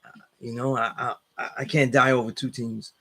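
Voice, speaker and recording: A man's voice: mid-range voice, little pitch movement, brisk, a bit bright. A man with a New York accent, hosting a casual live class and chatting loosely with viewers as he reads their comments. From New York area. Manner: rambling, full of "you know what I'm saying". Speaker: class instructor reading live chat. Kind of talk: casual livestream chat.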